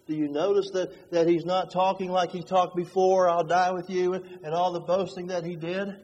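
A man preaching a sermon, moving between hushed, slow passages and fervent, rising ones. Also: high-pitched, level tone, dull audio. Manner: dynamic, swings from hushed to fervent. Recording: long hall reverb.

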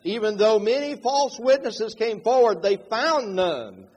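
Husky high-voiced preacher in a reverberant hall. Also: male voice, a little slow, highs cut off. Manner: animated, dramatizes quotes with shifting loudness. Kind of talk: sermon.

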